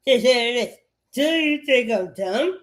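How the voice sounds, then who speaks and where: A woman's voice: on the high side, lively intonation, normal speed. A woman talking in an agitated, profane, repetitive rambling way. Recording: echoey room.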